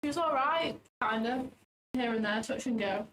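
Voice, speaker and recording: A chatty woman with a fairly high voice teases her friend on a live stream. She sounds excitable and quick to react, with faint room noise behind her. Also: rough recording. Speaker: co-host friend. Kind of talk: casual chat.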